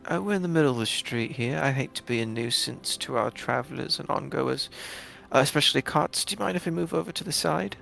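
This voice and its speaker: A man playing a towering male orc city guard who talks in a courteous, measured and mildly stern way. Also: medium pitch, creaky, fairly bright tone, voice pushed up.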